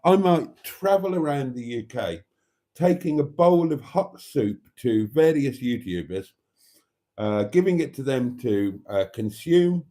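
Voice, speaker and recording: A channel host chats on a live stream, reading viewer comments in a mellow, mid-range voice at a measured pace. Wry and theatrical, he calls viewers darlings, sips wine, and rambles in a relaxed way.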